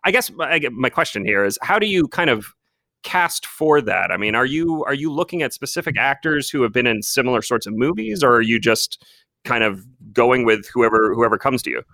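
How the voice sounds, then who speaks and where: A man at an average pitch with a bright, clear tone hosts a podcast. He picks his words slowly as he asks questions, and his voice sounds dry and close. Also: animated, no room sound. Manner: thoughtful, hesitant. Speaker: podcast host. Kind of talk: interview questions.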